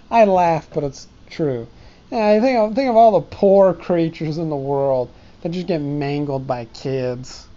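A man's voice: fairly high pitch, unhurried, mellow, muffled recording. A man talking to his pet ant in a casual, meandering stream-of-consciousness monologue, often breaking off and chuckling.

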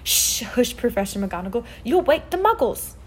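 A woman voicing a stern older female witch professor, crisp and hushed. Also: fairly high pitch, sing-song, a little fast, exaggerated voice. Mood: urgent hush.

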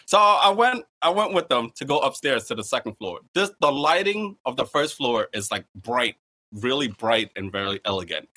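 A young man telling a funny story in casual chat, animated and laughing, with lots of fillers and swearing. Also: mid-range voice, normal speed. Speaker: podcast guest storyteller.

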